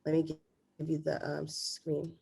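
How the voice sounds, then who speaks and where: A woman's voice: low voice, slow, gravelly, slightly rough. A woman laryngologist giving an online medical lecture, with a congested, nasal voice and frequent "um"s. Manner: steady explanatory delivery with frequent fillers.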